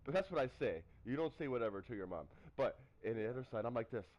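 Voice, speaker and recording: Animated man telling stories, lo-fi audio. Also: medium pitch, quick pace. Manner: animated storytelling, acts out quotes. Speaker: live streamer. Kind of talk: casual chat.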